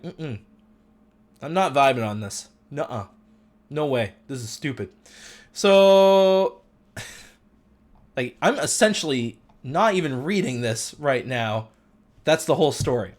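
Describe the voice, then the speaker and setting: A man casually retelling a Bible story in slangy, playful speech, putting on voices for the characters. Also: on the high side. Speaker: host.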